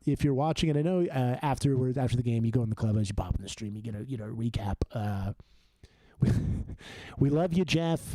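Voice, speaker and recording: Young man, livestream host, swearing rants, lively swooping pitch, mellow tone. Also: dry recording. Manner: profane rambling rants. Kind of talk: casual live game watch-along commentary.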